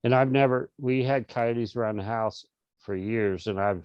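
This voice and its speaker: A man's voice: medium pitch, moderate pace, smooth, no room sound, highs cut off. A middle-aged man, an interview guest, telling a casual story over a video call with lots of restarts and fillers. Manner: rambling, many restarts and fillers.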